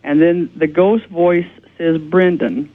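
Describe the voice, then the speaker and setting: A paranormal investigator calling in as a radio guest, explaining earnestly. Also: female voice, fairly low pitch, fairly even intonation, takes it slowly. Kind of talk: radio interview. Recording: tinny phone line.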